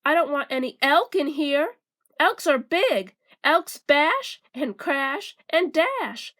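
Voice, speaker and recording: A fussy storybook housewife, shrill and excitable, quick to raise her voice, as a woman reads her part. Her voice swings high and wide. She talks slowly. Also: full character voice. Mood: indignant. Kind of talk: children's storybook reading.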